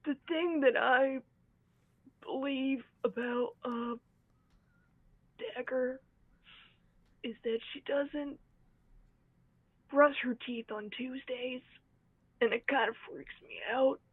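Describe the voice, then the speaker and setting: A woman's voice: sits high, fairly even intonation, slow, long pauses, dry recording. A woman voicing a goofy, suspicious young bandmate in a hesitant, mock-serious way. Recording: tinny phone-like line.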